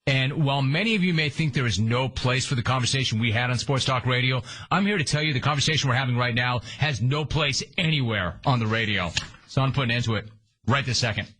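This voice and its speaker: A man's voice: mid-range voice, fast talker, fairly bright tone. Sarcastic, punchy male radio host. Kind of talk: sports talk radio monologue.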